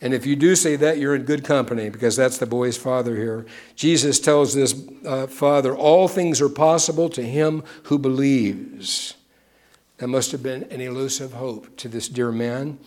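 A man's voice: medium pitch, fairly even intonation, moderate pace, few pauses, a little mellow. A man preaching a sermon in an earnest way, often dropping to a near-whisper on key phrases. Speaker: pastor.

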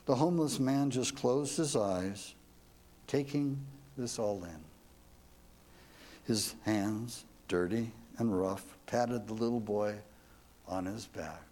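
A man's voice: on the low side, takes it slowly, pauses often, mellow. A man telling a devotional story as a sermon, earnest and reflective, ending with questions to his listeners. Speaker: preacher.

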